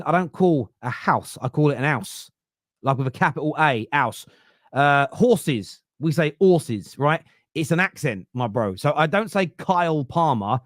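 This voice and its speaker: A man with a Southern English accent, talking at a middle pitch and explaining his views at length. He hosts a football fan podcast in a casual debate, and the recording is close and dry. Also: no echo.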